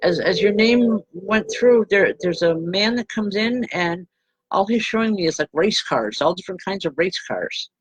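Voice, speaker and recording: A woman reverend giving live spirit readings to viewers, speaking gently and haltingly and calling people by name. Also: mid-range voice, lively intonation, husky, no echo, poor audio.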